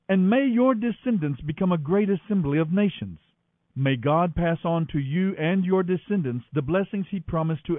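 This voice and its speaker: A man's voice: a little high, voice pushed up. A man voicing a grave old father who speaks in solemn, formal pronouncements. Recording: tinny phone-like line, faint music.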